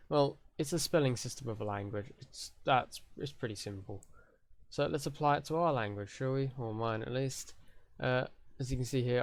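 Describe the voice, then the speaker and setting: Young British man, casual tutorial host, talks through each step plainly. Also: medium pitch. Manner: chatty, explains step by step. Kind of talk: casual online lesson.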